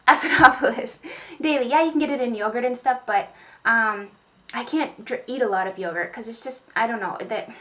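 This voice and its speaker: A woman's voice: a little high, a bit bright. A woman chatting casually through a product haul, rambling with fillers and small laughs. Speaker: beauty vlogger. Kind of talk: casual haul video chat.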